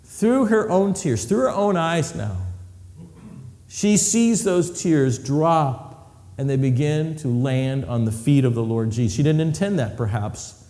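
A man preaching a sermon, telling a story that moves from hushed, low passages to rising, emphatic ones. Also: animated, measured pace. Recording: reverberant hall.

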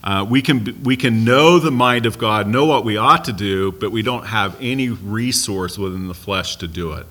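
A man's voice: lowish voice, normal speed, hardly any pauses, fairly bright tone. An American man leading a Bible study class in a conversational way, asking the group questions and making light asides. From United States.

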